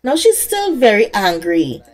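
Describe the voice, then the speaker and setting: A young woman giving casual, excitable let's-play commentary, scolding the characters on screen and often laughing. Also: mid-range voice, measured pace. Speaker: gaming content creator.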